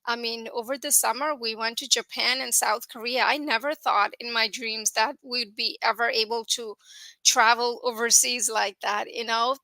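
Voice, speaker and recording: Woman guest, earnest testimonial, bright and higher voice, dry close sound. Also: steady tone, normal speed, no echo, low-quality recording. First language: grew up in the US with an Indian-accented English. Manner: earnest, many fillers like "you know". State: tearful at times. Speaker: guest sharing business success. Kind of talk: emotional personal testimonial.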